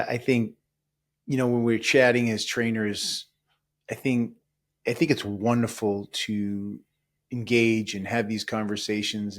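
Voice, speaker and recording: A man hosting a podcast, talking earnestly and reflectively about his work as a trainer. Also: on the low side. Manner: earnest, reflective, lots of affirming murmurs. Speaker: podcast host and fitness trainer. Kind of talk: casual podcast conversation.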